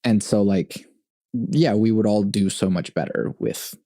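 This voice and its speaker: A man hosting a podcast, talking through his thoughts in a casual, halting way and laughing often. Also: fairly low pitch, mellow, dry recording, clean studio sound. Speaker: podcast host. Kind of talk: casual conversation.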